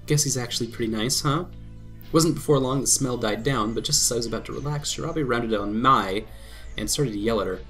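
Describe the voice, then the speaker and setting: A man hosting a let's play, reading a visual novel aloud with quick laughs and commentary. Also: mid-range voice, faint music behind. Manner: lively reading broken by laughs and asides.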